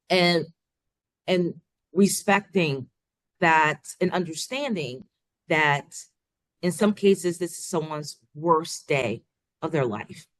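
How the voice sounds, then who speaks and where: Measured woman TV reporter in an interview. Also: low voice, no room sound. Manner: measured, with frequent filler sounds. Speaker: TV news reporter and anchor. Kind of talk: interview answers.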